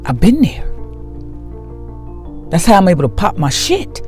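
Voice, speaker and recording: A man giving a slow, emphatic spiritual monologue to his viewers, repeating key phrases for weight. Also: sits high, wildly swooping pitch, darkish tone, faint music behind. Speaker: spiritual video host.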